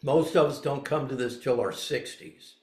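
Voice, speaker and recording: A man's voice: medium pitch, normal speed, a little mellow, reverberant. A man giving a dharma talk as a spiritual teacher, blunt and folksy, moving between reading and emphatic asides.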